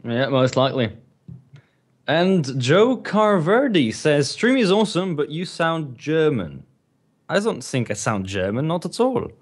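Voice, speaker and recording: Eighteen-year-old male co-caster, British accent, playful banter, animated voice. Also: a little high, a little slow. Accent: British English. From Slovenia. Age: young adult. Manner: jokey, playful, laughs easily. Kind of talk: casual live stream banter.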